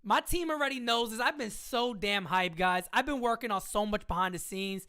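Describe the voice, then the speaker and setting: A woman hosting a live-stream sports chat, talking in a hyped, slangy way as she shouts out viewers. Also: fairly high pitch, moderate pace.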